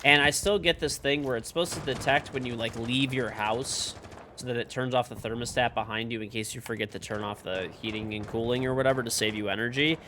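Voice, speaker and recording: A young man live-streams a game from home, chatting casually, rambling and swearing, with "like" all through his speech. His medium-pitched voice is brisk, pushed and bright with fairly even intonation, and there's a little hiss or hum.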